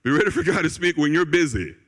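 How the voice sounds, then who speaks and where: A man's voice: a little high, big pitch swings, fast talker, a bit bright. A man, a pastor, preaching a sermon in a church in a conversational way, repeating phrases for emphasis and often checking in with "right?" or "okay?". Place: church sanctuary. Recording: long reverb of a church hall.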